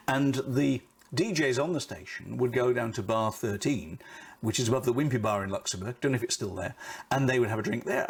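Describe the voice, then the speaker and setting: This is a middle-aged British man whose voice is creaky with a breathy edge. He's coaching on camera presence in an animated manner, swinging pitch and volume to underline ideas.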